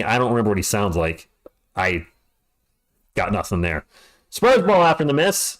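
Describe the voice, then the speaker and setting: Middle-aged man, live play-by-play streamer, jokey banter, lively swinging pitch, mid-range voice. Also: measured pace, long pauses. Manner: animated, jokey, chatty.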